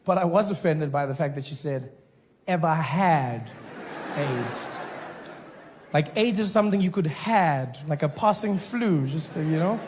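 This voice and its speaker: A man doing a stand-up comedy set, animated, slipping into other people's voices and shouting at the audience from a club stage. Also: on the high side, a little fast, hardly any pauses, noisy background. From South Africa.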